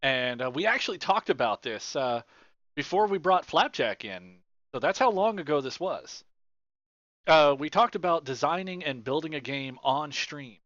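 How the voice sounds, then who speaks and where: Male podcast co-host, somewhat high voice, rambling casual delivery, dry muffled audio. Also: animated, moderate pace, fairly bright tone, dry recording. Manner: loose, rambling, with frequent "uh" fillers. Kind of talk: casual chat. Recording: dull lo-fi dry sound.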